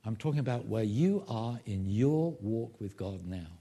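A man preaching a sermon as pastor, emphatic, rising loud on key phrases and dropping low to make a point. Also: animated, moderate pace.

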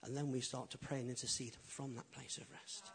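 A man preaching a sermon as pastor, swinging from loud, emphatic build-ups to quiet, intimate asides. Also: mid-range voice, fairly quick. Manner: animated preaching, rising loud then dropping quiet.

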